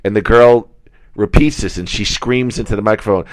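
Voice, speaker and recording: A man's voice: on the low side, normal speed, dry recording. A man co-hosting a podcast from a hotel room, telling stories with dry jokes. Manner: deadpan storyteller, joking. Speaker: podcast co-host. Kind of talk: casual chat.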